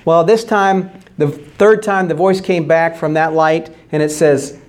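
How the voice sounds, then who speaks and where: A man's voice: a little high, steady tone, unhurried, a little mellow. A man preaching a sermon as pastor, earnestly explaining scripture and posing rhetorical questions.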